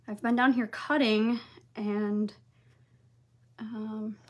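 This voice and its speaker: A woman with a fairly high voice talks through a live paint-along from her home craft room. She chats easily and greets viewers by name as she works, clearing her throat every so often. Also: lo-fi sound. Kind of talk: live painting tutorial chat.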